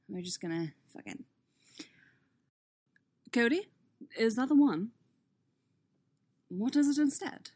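A woman's voice: medium pitch, lively intonation, a little slow, long pauses. A woman reading a podfic, chatting through her bloopers and author's notes, swearing freely and laughing at her own mistakes, recorded on a living room couch. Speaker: podfic reader.

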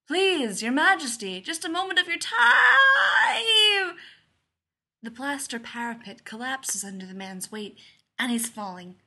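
Female story reader, bright, slightly high voice, lively and expressive. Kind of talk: reading a story aloud.

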